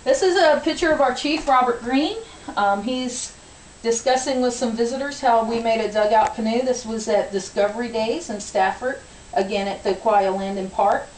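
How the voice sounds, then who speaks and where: A woman giving an informative class speech, measured and explanatory, with frequent ums. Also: fairly high pitch. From Virginia. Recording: distant, echoey room with hiss.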